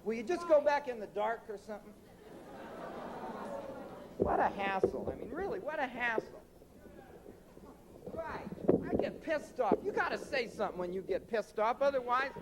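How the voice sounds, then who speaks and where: A stand-up comedian with a strikingly high voice works a concert crowd in brash, profane rants. The live recording carries clear audience noise under his voice. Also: lively intonation, normal speed, long pauses.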